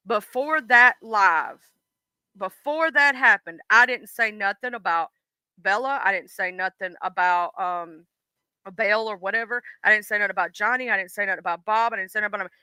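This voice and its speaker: A woman with a Southern US accent hosts a casual livestream, speaking bluntly and swearing plenty as she addresses her chat directly. Her medium-pitched voice is pushed and bright with a clean tone at a moderate pace, captured in a dry but poor-quality recording.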